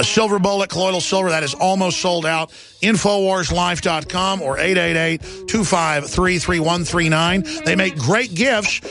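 Gravelly, high-pitched ranting talk host. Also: male voice, a bit bright. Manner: sarcastic, rapid-fire ranting. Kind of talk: political talk show.

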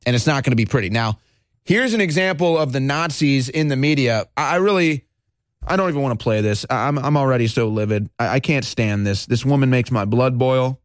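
A male talk show host delivering a heated, agitated monologue, swinging between low intensity and shouting. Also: fairly quick, no room sound, clean studio sound.

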